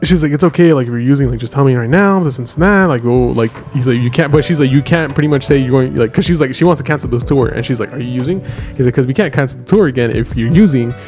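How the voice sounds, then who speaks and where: A man chatting loosely about a film on a podcast and swearing freely. He talks fast and keeps restarting his sentences, with faint music underneath. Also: mid-range voice, a little mellow. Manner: rambling, profane, restarts often. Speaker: podcast co-host. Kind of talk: casual movie recap chat.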